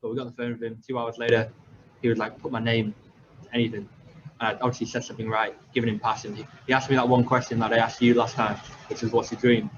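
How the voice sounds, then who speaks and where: A man's voice: mid-range voice, little pitch movement, quick pace. A young man from England, a podcast host, telling his story in a rambling, self-deprecating way with many fillers and restarts. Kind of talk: casual storytelling. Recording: slightly dull lo-fi audio with faint background noise.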